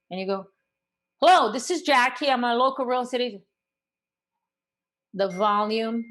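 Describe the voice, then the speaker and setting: A woman coaching real estate agents in an energetic, emphatic teaching talk, full of rhetorical questions. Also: medium pitch. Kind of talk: instructional talk to the camera.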